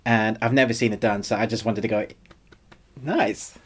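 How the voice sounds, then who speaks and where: A man hosting a casual film review, speaking in a relaxed, rambling way with frequent fillers. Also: on the low side, fast talker.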